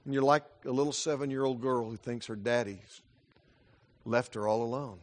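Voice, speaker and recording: A man's voice: medium pitch, fairly even intonation, normal speed. Earnest middle-aged male pastor preaching. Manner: earnest, storytelling, swings from hushed to emphatic. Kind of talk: sermon. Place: church.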